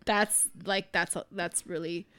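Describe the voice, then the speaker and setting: A woman's voice: lowish voice, fairly even intonation, slow, fairly bright tone, smooth. A woman co-hosting a casual podcast, reacting with emphatic, profane disgust. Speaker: podcast co-host. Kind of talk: casual chat.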